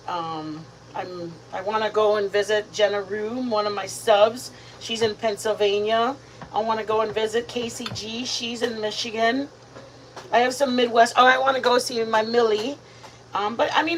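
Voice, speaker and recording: Woman, home cooking livestream host, rambling chatty delivery, slightly high voice, faint background noise. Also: fairly bright tone, low-quality recording. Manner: chatty, rambling, addresses viewers as "you guys". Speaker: host of a live cooking stream. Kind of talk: casual live-stream chat while cooking. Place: home kitchen.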